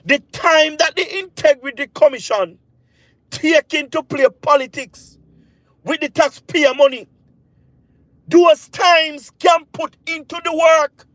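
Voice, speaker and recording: A high-voiced Jamaican man rants with fierce emphasis, repeating each point several times. He drags his words out slowly and leans hard on key phrases. The sound carries car noise from the background. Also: fairly bright tone, no echo. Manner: repetitive, emphatic, drawn-out phrases. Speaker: live-stream commentator. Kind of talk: impassioned political rant.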